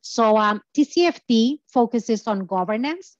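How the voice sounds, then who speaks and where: A woman's voice: on the high side, animated, unhurried, no echo, highs cut off. A woman giving a lecture over slides, explaining step by step with many filler sounds, her voice a little tired from talking all day. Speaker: guest lecturer.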